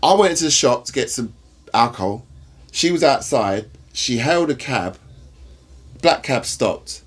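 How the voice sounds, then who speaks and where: Podcast host, animated storyteller, everyday mid-range pitch. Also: male voice, measured pace, breathy edge. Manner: animated storyteller, swears, acts out voices. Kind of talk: casual chat.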